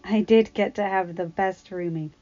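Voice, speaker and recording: Teen girl lead, bubbly, high and gushing, read by a woman, slightly dull lo-fi sound. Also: fairly even intonation, moderate pace, warm tone, no echo, lightly acted. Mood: cheerful. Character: excitable teenage girl, bubbly and wide-eyed.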